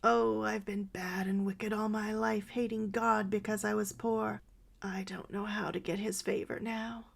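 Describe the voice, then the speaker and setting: A woman reading as a dying woman in her fifties, begging for prayer and confessing an old wrong. The voice is gravelly and breaks upward when pleading, as in a storybook audiobook. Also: medium pitch, level tone, measured pace, full character voice. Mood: remorseful.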